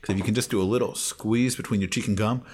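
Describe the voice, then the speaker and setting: A man's voice: on the low side, steady tone, fast, darkish tone, a little hiss or hum. A man co-hosting a podcast, telling joking stories in casual chat. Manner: joking, storytelling banter. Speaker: podcast co-host.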